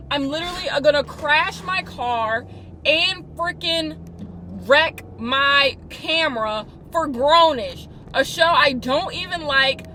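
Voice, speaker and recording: Filming a casual car vlog on her dashboard camera, a young woman talks in a high-pitched, pushed, bright voice with a dramatic, pretend-weepy manner. Faint car noise can be heard behind her.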